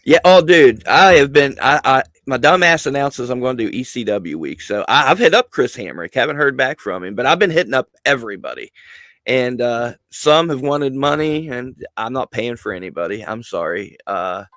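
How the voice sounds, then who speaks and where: A man chatting as a podcast guest, launching into animated stories with plenty of cursing and laughter worked into his sentences. His voice sits mid-range and sounds dry, with no room echo. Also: mid-range voice, moderate pace. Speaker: guest, wrestling personality. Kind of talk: casual podcast chat.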